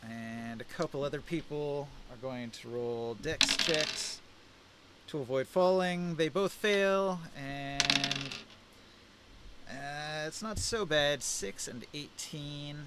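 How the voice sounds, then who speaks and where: Game master man, easygoing narration, slightly raised pitch, faint background noise. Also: takes it slowly. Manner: easygoing, with fillers and laughs.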